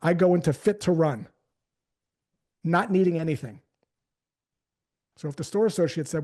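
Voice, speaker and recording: A man's voice: fairly high pitch, normal speed, long pauses, mellow. A man giving a live sales training talk, casually telling stories and acting out the conversations in them.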